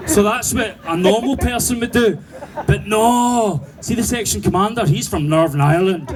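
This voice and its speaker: A man with a Glaswegian accent doing sweary, animated stand-up storytelling and laughing through his punchlines. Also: high-pitched, moderate pace, crowd noise, poor audio. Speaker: stand-up comedian.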